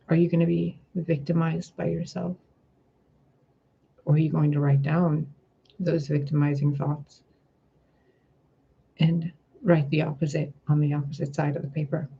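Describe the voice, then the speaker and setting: Guy doing a tarot reading, gravelly low-key voice, pretty flat delivery, kinda muffled lo-fi sound. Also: a little hiss or hum. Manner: gentle, reflective, asks rhetorical questions. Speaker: tarot reader. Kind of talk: spiritual tarot reading monologue.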